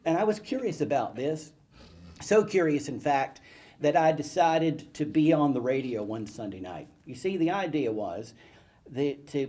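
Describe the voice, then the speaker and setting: A man telling childhood stories to an audience, animated and self-mocking. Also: medium pitch. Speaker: guest speaker. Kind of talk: storytelling talk to an audience. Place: event hall with live audience.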